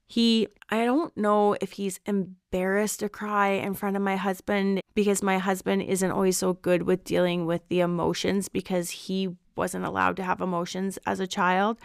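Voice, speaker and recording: A woman in her thirties hosting a podcast, talking candidly in a relaxed, reflective monologue. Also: fairly low pitch, gravelly, no echo, studio quality. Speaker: podcast host. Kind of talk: casual personal reflection.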